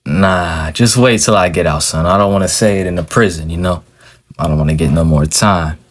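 Dude doing a locked-up dad, deep voice, bragging about the old days, amateur skit. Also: male voice, fairly quick. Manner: boastful, slangy, reminiscing. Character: jailed middle-aged father, boastful old-school. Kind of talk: amateur animated machinima role-play.

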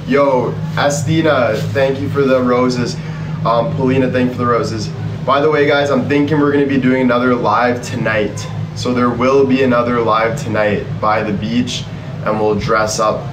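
A man's voice: mid-range voice, steady tone, moderate pace, background noise. Upbeat man live-streaming from a phone. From Canada. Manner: upbeat, addresses viewers directly, reads out chat. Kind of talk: casual live-stream chat. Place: outdoors by the sea. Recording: echoey and distant with loud ambience.

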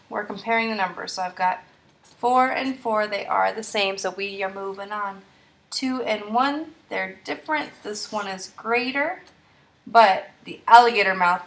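A woman's voice: medium pitch, fairly bright tone. A young woman, a third-grade math teacher, walking through problems step by step in an upbeat, encouraging way. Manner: upbeat, encouraging, walks through steps aloud. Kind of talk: screen-recorded math tutorial.

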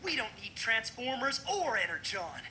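A man's voice: extremely high pitch, sing-song, moderate pace, noisy background. Kicker, a whiny sulky boy. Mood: sullen. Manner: whiny, moody. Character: sulky human teen boy. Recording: cartoon soundtrack with music.

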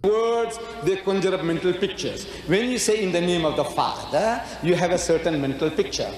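A man giving a measured, explanatory lecture from an archive clip. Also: high-pitched. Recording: echoey hall from far off.

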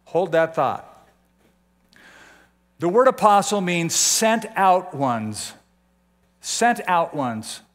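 A man's voice: sits high, animated, drawn-out words, long pauses. An older man preaching a conversational sermon as a pastor, often putting questions to his listeners.

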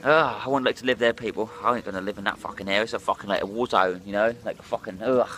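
A man's voice: fairly low pitch, steady tone, quick pace, sharp tone, a little hiss or hum. A hungover man, ranting and swearing bluntly in a rambling vlog monologue while drinking. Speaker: drinking vlogger.

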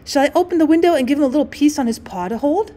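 A woman voicing a frail, fussy invalid wife who gushes fondly in a breathy voice, reading a storybook aloud. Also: sits high, expressive, racing, dark tone, voice pushed up. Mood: gushing.

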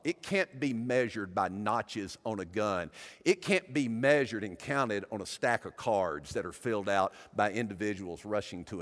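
A man preaching a sermon as pastor, emphatic, building up and dropping back in loudness. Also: on the low side. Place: church sanctuary. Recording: long church-hall reverb.

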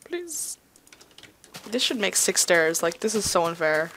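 Young woman, gaming video host, casual rambling commentary, gravelly fry, faint background hiss. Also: fairly low pitch, moderate pace, a bit bright. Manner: rambling, chatty, talks to herself while playing.

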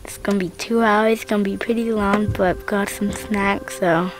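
A woman with a Texan accent telling the camera excitedly about a family trip, speaking slowly. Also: mid-range voice, music in the background. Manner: excited, slow and drawn out. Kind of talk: casual chat to camera.

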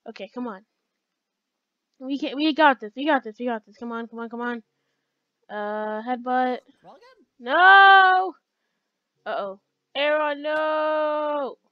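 A woman giving chatty, excitable commentary while playing a game, talking back to it as she goes. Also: fairly high pitch, normal speed, long pauses, dry recording, dull audio. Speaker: let's play gamer.

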